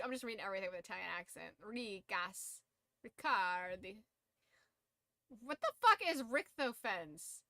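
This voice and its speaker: Young woman streamer, kinda high voice, slow drawl, cusses a lot, laughs, dead dry mic. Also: pushed and bright, no echo. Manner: swears freely, laughs often, shrieks in disbelief. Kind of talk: casual live-stream chat.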